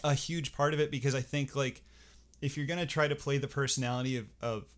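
A man's voice: medium pitch, fairly even intonation, quick pace. A man in casual podcast conversation, talking with many restarts and a dry, self-deprecating humor. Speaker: furry performer guest.

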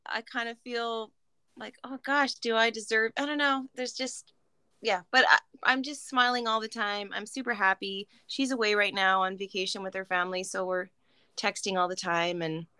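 A woman in her thirties co-hosting a podcast, talking openly and reflectively, with gentle hesitations. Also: medium pitch, steady tone, normal speed, smooth, no echo. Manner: reflective, open, hesitant with fillers. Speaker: podcast co-host. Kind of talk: casual chat.

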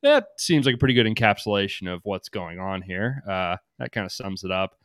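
Man, casual podcast co-host, smooth voice, dry studio sound. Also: low voice, big pitch swings, brisk, a bit bright, dry recording. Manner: casual and profane, does mocking quotes of cast members. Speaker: podcast co-host recapping a reality show. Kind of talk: casual chat.

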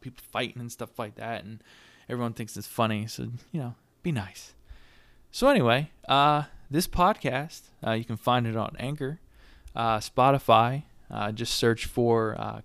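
A man's voice: mid-range voice, clean tone, no room sound. A man hosting a casual solo podcast, rambling and chatty, with many fillers and restarts. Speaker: podcast host.

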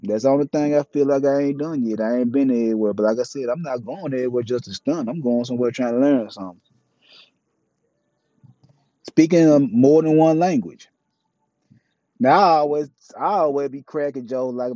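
A man holds forth in a blunt, profane, preachy monologue. His voice is dark and mellow. The dry, dull recording sounds lo-fi. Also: medium pitch, normal speed, dry recording. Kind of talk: casual monologue, opinionated.

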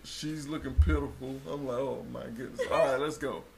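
A man telling a story in casual chat, acting out quotes and rising to loud bursts. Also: mid-range voice, fairly even intonation, normal speed, creaky, slight background noise. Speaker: co-host telling a birth story.

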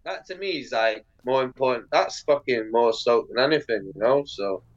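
A pro skateboarder from England, guesting on a podcast, speaks at medium pitch and a moderate pace through dull audio. Telling his stories in a casual interview, he swears freely, stays animated, and imitates the people he describes.

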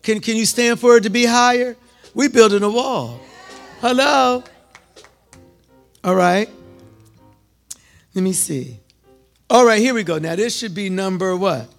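A high-pitched man delivers a sermon. He calls out questions to the crowd, repeats his lines for emphasis, and swings from near-shouts to hushed speech. Soft music plays behind him. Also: a little slow, vocal fry, pauses often. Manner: call-and-response, repetitive, swings from loud to hushed. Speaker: preacher.

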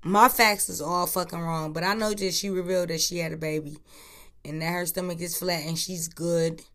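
A woman hosting a casual news chat podcast, talking in a profane, lively way and recorded on an iPhone. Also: fairly low pitch, normal speed. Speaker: podcast host.

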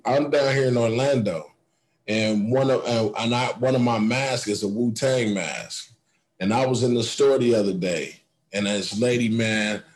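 A man chatting in a relaxed online hip-hop conversation. His voice has an ordinary middle pitch. He tells stories with lively energy and breaks into laughter often. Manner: animated storyteller, laughs often. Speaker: podcast co-host. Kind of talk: casual online group chat.

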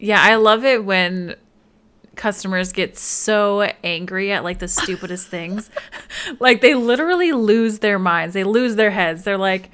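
Young woman, relaxed co-host, laughs easily, mid-range voice. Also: mid-range voice, a little slow, smooth. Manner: giggly, chatty, mocks angry customers. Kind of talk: casual chat.

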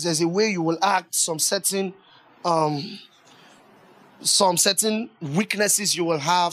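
A man delivers a sermon in a high, bright voice. He talks to his congregation in an easy, conversational way, often checking that they are listening. His manner stays lively and warm throughout. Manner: lively and conversational, often laughing and asking the audience questions. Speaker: preacher.

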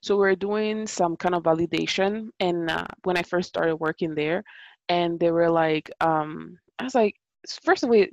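A woman who grew up in Italy, chatting casually as a podcast co-host and telling animated stories. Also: on the low side, moderate pace, gravelly, no room sound. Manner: animated storyteller, acts out quoted voices. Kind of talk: casual chat. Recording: dull, dry close-mic sound.

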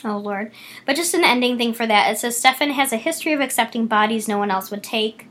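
This podcast co-host is a woman with a slightly high, somewhat bright voice who reads news stories aloud and reacts to them in a casual chat. She's chatty, talks in quick bursts, and laughs a lot.

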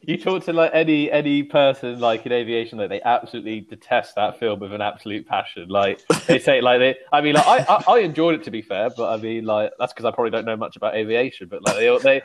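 A man's voice: medium pitch, fast talker, few pauses. A man hosting a podcast in casual chat, rambling with lots of "like" and teasing his guests. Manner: rambling, heavy use of "like", teasing. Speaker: podcast host.

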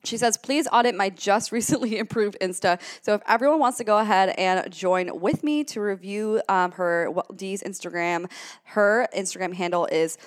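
A woman's voice: medium pitch, normal speed. Bubbly chatty woman podcast host. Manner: bubbly, chatty, with playful jokes and bursts of excitement. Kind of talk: casual solo podcast intro.

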